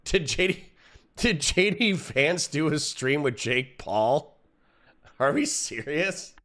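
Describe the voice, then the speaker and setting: A man's voice: fairly high pitch, takes it slowly. Profane middle-aged male streamer ranting. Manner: profane, animated ranting with laughs. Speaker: livestream host. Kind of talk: casual livestream chat.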